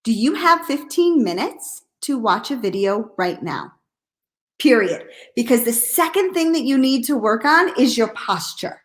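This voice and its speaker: A woman coaching network marketers on a live stream, energetic and blunt, repeating "okay?" and acting out hesitant and excited voices. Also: on the high side, measured pace.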